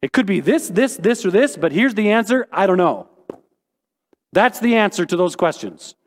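A man preaching a sermon as a pastor, animated and joking, with sudden high exclamations. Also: a little fast, big-room sound, a little hiss or hum.

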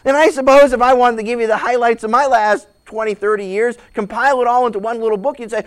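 Male pastor, high voice, preaching with big dramatic swings from hush to shout, stammering restarts. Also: steady tone, fast, hardly any pauses, clear, resonant tone. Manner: repeats words when starting sentences. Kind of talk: sermon.

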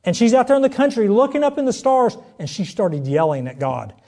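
A middle-aged man preaching a sermon, telling a personal story and acting out the voices in it, swinging between hushed and loud. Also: high voice, sing-song, a little fast. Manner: dramatic storytelling, acts out quotes, swings between soft and loud.

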